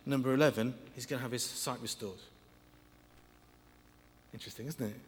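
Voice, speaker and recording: A man's voice: mid-range voice, fairly even intonation, fairly quick, a little hiss or hum. Preaching man in a reverberant hall. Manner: emphatic, counting points aloud. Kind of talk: sermon.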